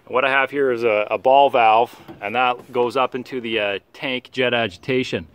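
A man getting over a cold, with a nasal voice, giving a casual outdoor how-to walkthrough of his sprayer and lawn, halting with many fillers. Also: mid-range voice, fairly even intonation, fairly bright tone, smooth. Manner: halting, many "uh" fillers, practical and matter-of-fact. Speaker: turf care professional vlogger. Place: outdoors in a yard and at the pump.

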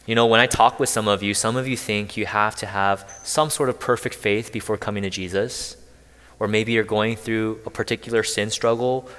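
A man with a fairly low voice preaches earnestly, pressing his listeners with rhetorical questions. His voice carries a long reverb, as in a church hall. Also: fairly bright tone. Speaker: pastor. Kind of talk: sermon.

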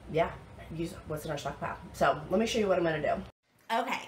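A woman's voice: fairly low pitch, reverberant, a little hiss or hum. Nasal woman, chatty home vlog. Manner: chatty, self-correcting, lots of ums. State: coming down with a cold. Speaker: vlogger. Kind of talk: casual home vlog walkthrough. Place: home kitchen and basement.

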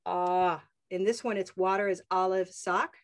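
A woman with a North American accent teaching English pronunciation in a live online lesson, upbeat and stretching out example words slowly. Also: lowish voice, fairly even intonation. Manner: upbeat, drawn-out modeling of sounds.

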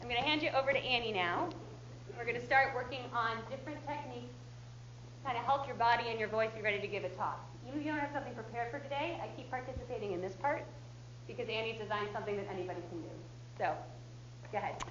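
Upbeat woman leading warm-ups, echoey room. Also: fairly high pitch, quick pace. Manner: upbeat, coaxing commands. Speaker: workshop leader. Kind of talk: leading group warm-up exercises. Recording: echoey room, dull lo-fi, humming noise.

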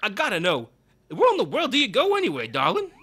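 A man doing a loud twangy country boss. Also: high voice, huge pitch swings, fast talker, breathy edge, pitched above the performer's own voice, exaggerated voice. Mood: folksy. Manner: hearty twangy drawl, loud exclamations. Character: folksy loud male boss with a country drawl.

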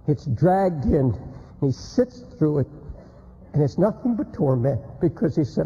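A man preaching a fiery sermon, telling a story dramatically and swinging from hushed tones to shouts. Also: on the high side, animated, measured pace, husky, lo-fi sound. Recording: long hall reverb.

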